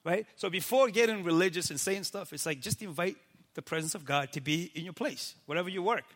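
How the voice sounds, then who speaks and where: High, bright-voiced animated pastor man. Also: brisk. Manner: animated, keeps asking "right?" and acts out quoted people. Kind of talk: casual faith talk.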